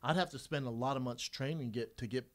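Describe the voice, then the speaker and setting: A man co-hosting a casual podcast chat. His voice sits at an ordinary middle pitch. He tells profane, animated stories and acts out the quotes as he goes. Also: fast. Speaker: podcast co-host and former pro fighter.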